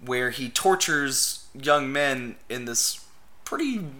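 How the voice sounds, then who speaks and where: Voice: medium pitch, expressive, slow, pushed and bright. A podcast co-host in casual chat, amused and analytical.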